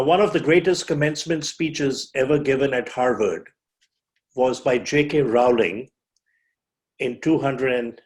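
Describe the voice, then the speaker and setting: Male speaker with a mid-range voice, giving a measured motivational talk with dramatic pauses. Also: mid-range voice, a little mellow. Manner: deliberate, with dramatic pauses and stressed words. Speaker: physician educator and speaker.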